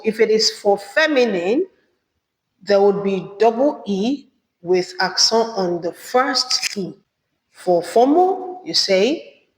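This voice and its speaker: A woman teaching a beginner French lesson, saying each phrase slowly and then repeating it. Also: medium pitch. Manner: slow, careful repetition of phrases. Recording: echoey room with long reverb.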